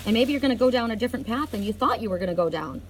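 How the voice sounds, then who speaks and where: A woman's voice: a little high, rapid-fire, a little hiss or hum. Earnest woman reading oracle cards outdoors. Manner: earnest, emphatic and encouraging, with bursts of excitement. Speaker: oracle card reader. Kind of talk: outdoor tarot-style card reading. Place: outdoors in the cold by an inn.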